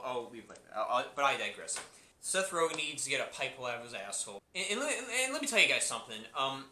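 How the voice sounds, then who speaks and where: A man's voice: on the high side, pushed and bright, reverberant. A man giving a casual spoken movie review, rambling and repeating himself with many restarts.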